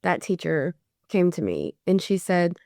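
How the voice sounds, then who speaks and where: Speaking unhurriedly with a lowish voice and vocal fry, a bereaved mother in her forties guests on a podcast. Her chatty storytelling turns animated when she acts out the people she quotes, and the recording is dry and studio quality.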